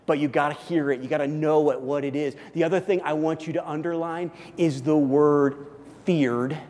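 A male pastor preaches in an earnest, emphatic way and hammers home key phrases by repeating them. His voice sits a bit high for a man. It rings out with the long reverb of a large church hall. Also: steady tone, moderate pace, darkish tone. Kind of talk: sermon.

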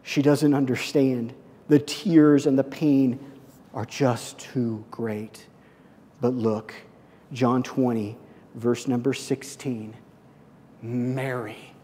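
A male pastor preaching a sermon, moving between rising, fervent passages and hushed, intimate ones. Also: mid-range voice, big-room sound. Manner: impassioned preaching, swinging between loud and hushed.

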